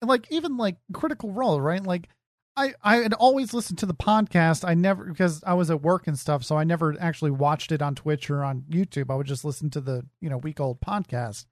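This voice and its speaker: A man's voice: fairly high pitch, brisk, no echo, studio quality. A man streamer talking casually, mocking and profane. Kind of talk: casual podcast chat.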